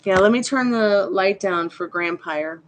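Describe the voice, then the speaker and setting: A woman's voice: mid-range voice, a little slow, a little hiss or hum. A woman hosting a live tarot reading stream, chatty and reassuring as she greets viewers by name. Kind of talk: casual live-stream chat.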